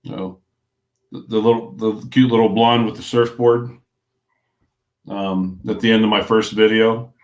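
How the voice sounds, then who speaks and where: A man's voice: fairly low pitch, steady tone, measured pace, pauses often, a little mellow. A man chatting casually on a livestream, telling rambling stories and chuckling as he goes. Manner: rambling storyteller, chuckles often. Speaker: vlogger guest.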